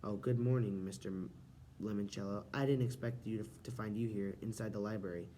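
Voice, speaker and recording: Guy doing smug suck-up teen from a kids novel, fake cheery, mellow low voice. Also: a little fast, slight background noise, close to an everyday voice. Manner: falsely cheerful, flattering. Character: smug, oily-polite teenage boy.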